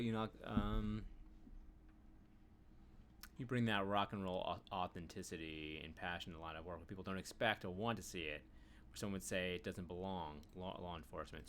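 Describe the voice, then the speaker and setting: A man's voice: low-pitched, moderate pace, pauses often, fairly bright tone, slight background noise. A man streaming a video game, rambling casually and humming filler syllables while he thinks. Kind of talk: casual let's-play commentary.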